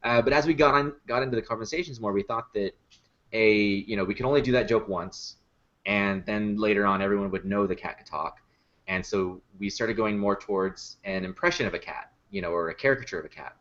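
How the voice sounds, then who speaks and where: Male puppet builder, low-pitched, chatty and quick to laugh; dull lo-fi podcast sound. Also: a bit bright. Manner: laughs easily, chatty storytelling with many fillers. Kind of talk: casual podcast chat.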